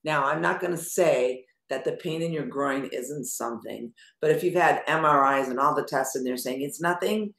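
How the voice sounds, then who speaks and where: An older woman hosting a live video call forum on anxiety, animated and teasing, swearing casually as she coaches a caller. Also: low voice, normal speed, hardly any pauses, roomy sound.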